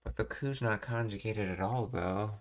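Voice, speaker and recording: A man thinking aloud as he works through Japanese grammar on a live stream, reading notes and pausing often to puzzle things out. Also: lowish voice. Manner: slow, halting, pausing to read and puzzle things out. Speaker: language learning streamer.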